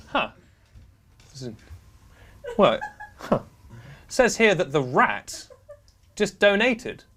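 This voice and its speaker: A young man hosting a comedic charity live stream, playful and prone to laughing. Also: a little high. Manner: playful, giggly, animated banter.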